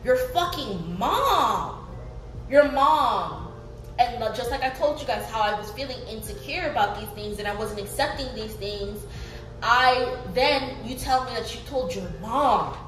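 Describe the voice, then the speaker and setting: A young woman telling a story in a lively, profane way, often breaking into laughter. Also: fairly high pitch, normal speed. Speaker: vlogger. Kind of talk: storytime vlog. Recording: roomy, off-mic, faint music behind.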